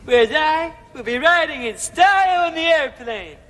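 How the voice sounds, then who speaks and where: A man playing an arrogant, abusive young rock star who swaggers and shouts insults, in a sketch comedy. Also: very high-pitched, expressive, normal speed, a little hiss or hum, full character voice. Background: audience laughter.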